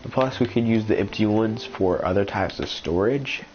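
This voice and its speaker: A man talking through his gameplay as a channel host, rambling and thinking aloud with many ums and restarts, sounding congested and a little rough. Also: lowish voice, normal speed. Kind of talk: casual gameplay commentary. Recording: slightly dull lo-fi sound with faint noise.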